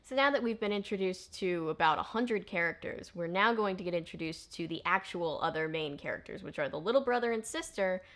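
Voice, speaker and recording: A chatty woman with a slightly low voice reviews a movie in a casual, sarcastic way. She drops deadpan jokes between her comments. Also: fairly quick, few pauses.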